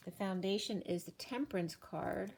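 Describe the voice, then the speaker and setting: A woman doing a casual tarot card reading, chatty and thinking aloud with fillers and self-corrections, her voice a little hoarse. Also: mid-range voice, moderate pace, darkish tone, a little hiss or hum. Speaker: tarot reader.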